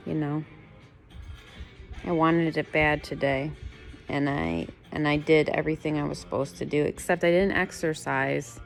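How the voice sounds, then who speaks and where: Slow, gravelly-voiced woman vlogging. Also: sits low, soft background music. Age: late 30s. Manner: candid, frustrated venting. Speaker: fasting vlogger. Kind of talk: casual home vlog. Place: at home, in bed.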